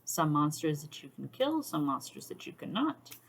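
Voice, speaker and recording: A woman's voice: sits low, big pitch swings, normal speed, vocal fry, slightly rough. A woman hosting a casual talk to camera, thoughtful with many "um"s, sometimes dropping to a near-whisper. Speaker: YouTube host.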